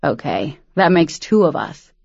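A woman voicing a solemn, tired teenage boy who talks bluntly in a low, flat voice, in a storybook reading. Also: a little slow, no echo, muffled recording, heavily acted. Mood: curt.

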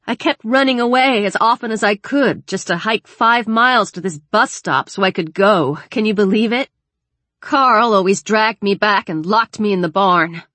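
A woman's voice: medium pitch, normal speed, a bit bright, dry recording, voice pushed up, close to an everyday voice. A woman reading an audiobook, voicing a blunt, chatty teenage girl who swears casually.

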